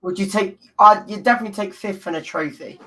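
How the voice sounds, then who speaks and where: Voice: mid-range voice, fast talker, sharp tone. A young adult guest fan in casual chat, hesitant and thinking aloud.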